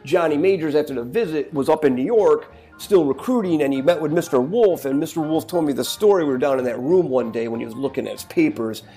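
A man's voice: a little high, lively intonation, fast, few pauses, dark tone, faint music behind. A man telling a rambling story in casual chat, with many restarts as he goes. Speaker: podcast co-host.

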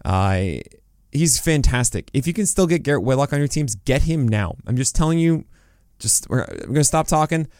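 A man hosting a casual podcast, chatty and animated, rattling off stat lines with self-mocking asides. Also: medium pitch, moderate pace, smooth, no echo, clean studio sound. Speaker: podcast host. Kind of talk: casual podcast talk on fantasy baseball.

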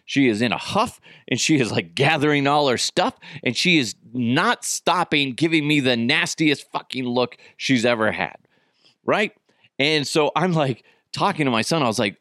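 A man hosting a podcast, telling a story in a casual, profane, animated way, with many restarts and wry jokes. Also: medium pitch, moderate pace, no echo, studio quality. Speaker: podcast host.

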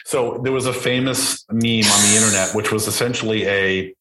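A man telling stories as a guest on an interview podcast, acting out the people he quotes in a lively way. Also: lowish voice, a little fast. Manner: lively storyteller who acts out the people he quotes. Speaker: guest producer of prank shows. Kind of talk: casual storytelling interview. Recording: echoey room.

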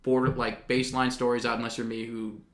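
Young man, podcast co-host, casual, blunt, rambling, jokey, mid-pitched, echoey room. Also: little pitch movement, fast talker. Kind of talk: casual chat.

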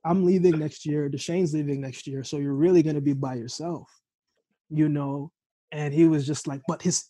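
A man's voice: a little high, slightly rough, no echo. A man hosting a casual conversation, telling stories full of quoted back-and-forth. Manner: storytelling with lots of quoted dialogue; animated storytelling. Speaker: podcast host.

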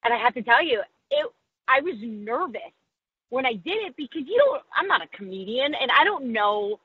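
With a sing-song lilt and a breathy edge, she speaks at normal speed in a voice on the high side. A sports reporter on a podcast, she's candid and self-mocking and acts out others' voices when quoting them, and the audio is phone-quality with no echo.

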